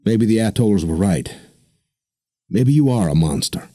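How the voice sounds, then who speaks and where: A man's voice: lowish voice, expressive, moderate pace, dark tone, pitched above the performer's own voice. A man voicing a desperate, stubborn young woman who pleads and insists. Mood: pleading.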